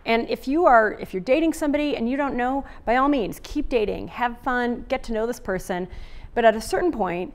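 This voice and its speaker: A woman's voice: a little high, expressive, a little fast. A middle-aged woman giving a casual, conversational talk on relationships as an author and speaker, with many fillers and restarts.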